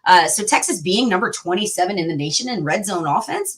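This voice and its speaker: A woman's voice: lowish voice, lively intonation, a little fast. A woman co-hosting a casual sports podcast, talking emphatically with sarcastic asides. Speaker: podcast co-host.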